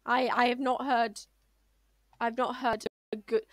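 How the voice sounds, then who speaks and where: A woman's voice: a little high, little pitch movement, measured pace, long pauses, a bit bright, no echo. Chatty woman streaming a game. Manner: playful, chatty, talks to game mobs affectionately. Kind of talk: casual gameplay streaming.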